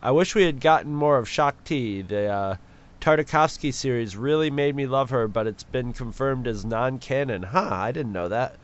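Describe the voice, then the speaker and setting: A man's voice: mid-range voice, normal speed. A man co-hosting a podcast, chatting casually in a dry, rambling way that can sound sarcastic. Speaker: podcast co-host. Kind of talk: casual chat. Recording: slightly dull lo-fi sound.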